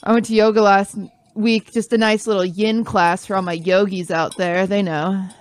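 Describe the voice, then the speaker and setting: A woman's voice: medium pitch, little pitch movement, moderate pace. A young woman in her twenties co-hosting a podcast in casual chat, blunt and self-mocking, swearing often. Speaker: podcast co-host. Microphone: headphones and studio mic.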